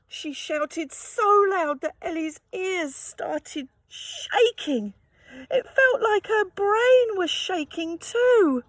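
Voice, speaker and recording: A woman reading a children's picture book aloud, gently expressive and adding sympathetic asides. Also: sits high, drawn-out words, no room sound. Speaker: storyteller.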